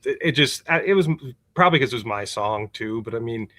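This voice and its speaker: A man on a podcast as a musician guest, telling a story in a loose, animated way, laughing often and swearing freely. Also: mid-range voice, fast. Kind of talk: casual storytelling chat. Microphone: remote call setup.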